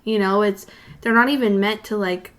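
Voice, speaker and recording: A woman's voice: medium pitch, fairly even intonation, moderate pace. A woman co-hosting a podcast in casual chat, talking freely with many "like" and "you know" fillers. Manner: chatty, lots of "like" and "you know". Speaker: podcast co-host.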